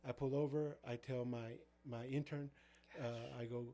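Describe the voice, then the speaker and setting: A man's voice: medium pitch, fairly even intonation, moderate pace, hardly any pauses, mellow. Rambling man telling ministry stories. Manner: rambling, full of fillers and restarts. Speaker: youth pastor. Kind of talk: casual storytelling chat.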